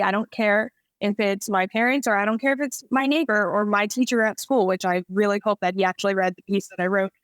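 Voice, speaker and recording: A woman in her thirties chats on a podcast in a loose, storytelling way, full of small fillers. Her voice sits at an ordinary middle pitch. The sound is dry and close, with no room in it. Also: steady tone, fairly quick, hardly any pauses, fairly bright tone, no room sound. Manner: chatty storytelling with many "like" fillers. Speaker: podcast guest. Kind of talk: casual interview chat.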